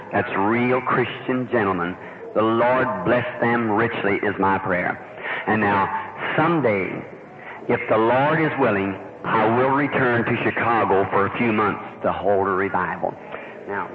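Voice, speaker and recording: A man preaching a sermon to a church congregation, folksy and fervent, often asking the crowd whether they agree. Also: lowish voice. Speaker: evangelist preacher. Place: church hall during a service. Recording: muffled, tinny old recording with hiss.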